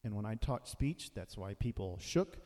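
Mellow-voiced man preaching in a reverberant hall. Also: lowish voice, lively intonation, moderate pace. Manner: conversational, acts out quoted voices. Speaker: pastor. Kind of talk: sermon.

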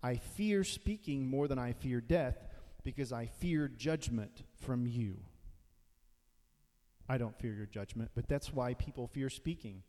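Mellow-voiced man preaching in a reverberant hall. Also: mid-range voice, a little slow. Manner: conversational, acts out quoted voices. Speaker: pastor. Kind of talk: sermon.

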